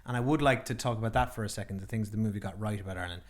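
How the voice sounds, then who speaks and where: A man's voice: on the low side, very fast. A man co-hosting a podcast, talking casually about a film, stumbling over his words before landing on firm opinions. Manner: hesitant restarts, then firm verdicts. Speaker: podcast co-host. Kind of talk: casual film review chat.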